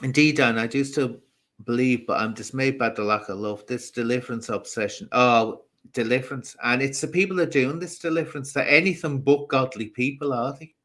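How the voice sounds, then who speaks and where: A man's voice: medium pitch, fairly quick, fairly bright tone. A man with a Scouse accent mixed with Southern Irish, hosting a casual live stream, rambling and answering comments from viewers.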